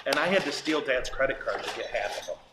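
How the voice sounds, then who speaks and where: A man who is a priest, talking casually and playfully on a livestream. His voice sits at a middle pitch. He pokes fun at himself and laughs easily. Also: expressive, fast talker, background noise. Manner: playful, self-deprecating, chuckles often.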